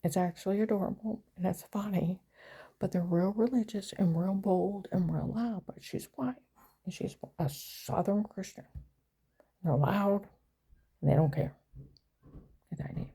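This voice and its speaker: A woman's voice: mid-range voice, unhurried, long pauses, warm tone, breathy edge, poor audio. An older woman rambling through an aggrieved story in a casual monologue.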